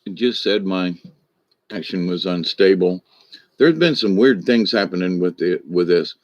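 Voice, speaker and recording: A man's voice: deep voice, unhurried, dry recording, dull audio. A man in his sixties, a spiritual teacher, talking through his thoughts in a reflective monologue with frequent restarts and asides. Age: 60s.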